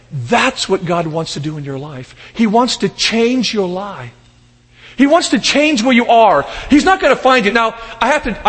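A high, lively male preacher delivers his sermon with an animated storytelling manner, voicing characters as he goes. His voice rings out through a reverberant church hall with a long tail. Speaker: pastor. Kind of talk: sermon with humorous stories.

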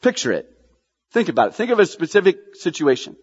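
A male pastor preaching with a high, lively voice that swings widely as he presses questions on the congregation. The sound is dull and lo-fi, with a long reverb trailing off the church walls. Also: fast, husky. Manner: animated preaching, repeats lines for emphasis, asks the congregation questions. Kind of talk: sermon.

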